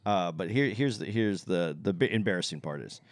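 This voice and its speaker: A man's voice: low voice, expressive, a little fast. A man co-hosting a podcast in casual chat, opinionated, thinking aloud and circling back to his point. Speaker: podcast co-host.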